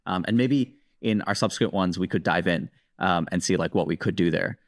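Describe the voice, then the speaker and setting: A man hosting a casual chat, explaining things in a relaxed way. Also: deep voice, fairly quick. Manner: relaxed and explanatory, says "dude". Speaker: host.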